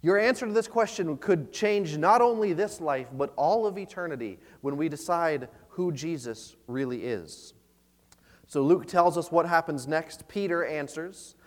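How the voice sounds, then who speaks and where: A pastor giving an earnest, conversational sermon, often repeating words and using fillers. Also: male voice, fairly high pitch, animated, measured pace. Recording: long reverb of a large hall.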